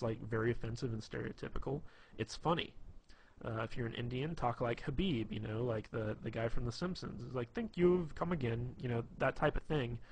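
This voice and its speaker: A man's voice: mid-range voice, slight background noise. A man giving casual, rambling advice on being funny, full of fillers and restarts. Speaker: dating advice presenter. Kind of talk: casual instructional talk.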